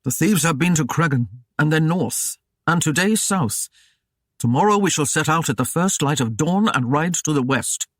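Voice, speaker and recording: A reader voicing a stern warrior lord laying out a plan in an audiobook. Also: male voice, a little high, expressive, moderate pace, a bit bright, no echo, clean studio sound. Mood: resolute.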